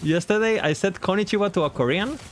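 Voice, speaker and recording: A rambling, self-mocking man talks his way through a game on a casual live stream, his voice sitting a touch higher than most men's. He chats loosely with his viewers as host and breaks into laughter at his own jokes. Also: fast talker, slight background noise. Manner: rambling, chatty, laughs at himself.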